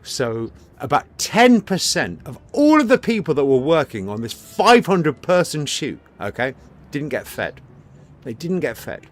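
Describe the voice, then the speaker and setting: A man's voice: a little high, very animated, measured pace. Swearing, ranting male streamer. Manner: profane, emphatic, repeats himself; storytelling, preachy. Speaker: live streamer. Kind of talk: rambling live-stream rant.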